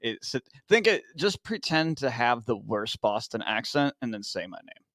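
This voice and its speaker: A man's voice: mid-range voice, very animated, moderate pace, fairly bright tone, no echo. A man from Northern Illinois, in his thirties, co-hosting a podcast with casual, profane, self-mocking jokes. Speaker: podcast co-host.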